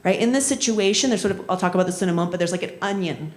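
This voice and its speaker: A woman leading a workshop on conflict, talking in a relaxed, conversational way and often checking in with "right?". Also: on the low side, racing. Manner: conversational, often adds "right?" and acts out quoted voices. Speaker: conflict trainer. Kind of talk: workshop lecture with storytelling. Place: municipal training session room. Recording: echoey room.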